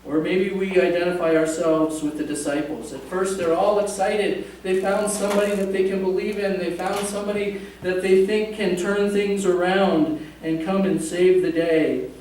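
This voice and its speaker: Guy preaching a sermon, pretty high voice, chatty, big echoey church mic far off. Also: steady tone, normal speed, hardly any pauses, darkish tone, slight background noise. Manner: conversational, jokes with the congregation. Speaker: pastor. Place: church sanctuary.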